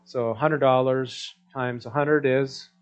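A man preaching a sermon in a conversational way, checking in with the congregation through rhetorical questions and swinging between loud emphasis and soft asides. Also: medium pitch, steady tone, a little slow, highs cut off. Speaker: pastor.

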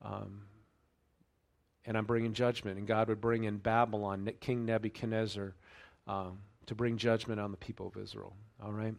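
A man preaching a sermon in a conversational way, checking in with the congregation and turning louder and higher when he reads scripture aloud. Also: little pitch movement, moderate pace, creaky. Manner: conversational preaching with frequent fillers and check-ins; raises pitch and volume when reading scripture aloud. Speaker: pastor.

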